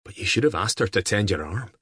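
A man voicing a cheerful, teasing medieval brother who speaks in a lively, jesting way. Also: lowish voice, fast, breathy edge, no room sound, clean studio sound, heavily acted.

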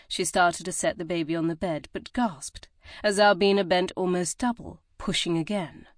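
Lowish-voiced woman reading an audiobook. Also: fairly even intonation, normal speed, dry recording, studio quality. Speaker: audiobook narrator. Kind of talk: scripted narration.

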